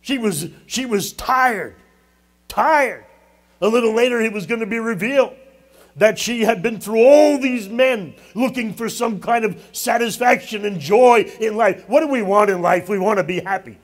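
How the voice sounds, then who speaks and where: A man's voice: high voice, moderate pace. A middle-aged man preaching a sermon as pastor, building emphasis and dropping in humorous asides.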